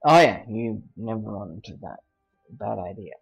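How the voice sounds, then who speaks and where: A man's voice: lowish voice, lively intonation, normal speed, gravelly, husky, highs cut off, soft background music. A man streaming a game and chatting casually with friends over voice chat, teasing and laughing often.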